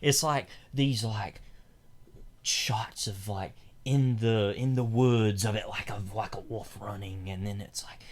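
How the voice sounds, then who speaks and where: A man's voice: fairly low pitch, measured pace, darkish tone. A young man co-hosting a podcast, talking through a film in a casual, rambling way with many fillers and restarts. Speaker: podcast co-host.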